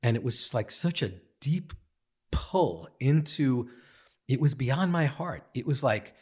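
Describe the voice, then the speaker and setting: A man guest on a podcast, telling a personal story in an earnest, halting way with many fillers and restarts. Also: mid-range voice, expressive, darkish tone, slightly rough. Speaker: guest, meditation teacher. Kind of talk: reflective storytelling. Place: podcast studio.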